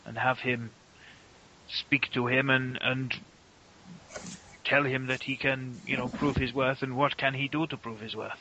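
A man's voice: mid-range voice, steady tone, measured pace, pushed and bright, muffled recording, a little hiss or hum. A man, playing a blunt, money-minded character in a tabletop role-play game. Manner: blunt, mercenary, questioning. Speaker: player.

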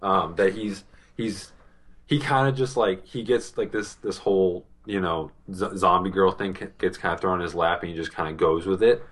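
A man with a very low voice and a Boston accent, chatting casually about a TV show with his podcast co-host. He talks haltingly, with lots of fillers and restarts along the way. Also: fairly bright tone. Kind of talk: casual TV review chat.

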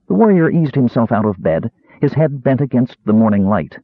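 A man narrating a fantasy audiobook with a very expressive delivery. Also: mid-range voice, a little fast, no echo. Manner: very expressive, wide-ranging delivery. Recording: dry, tinny phone-like sound.

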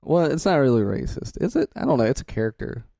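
Laid-back young man, mellow lively voice. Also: medium pitch, fast, gravelly, no room sound, studio quality. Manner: joking, laughs often, does goofy voices. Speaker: podcast co-host. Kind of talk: casual chat.

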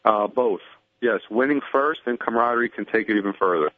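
A man calling in as a guest, chatting casually and relaxed, often saying "I mean". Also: medium pitch, fairly quick, no echo, narrow, tinny audio. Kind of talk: casual phone-in chat.

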